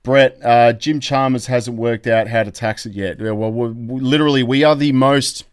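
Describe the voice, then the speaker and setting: An Australian man hosting a live crypto stream, talking excitedly and rambling as he reads out the chat. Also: medium pitch, moderate pace, hardly any pauses, clean tone, no room sound, clean studio sound. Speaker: crypto YouTube host.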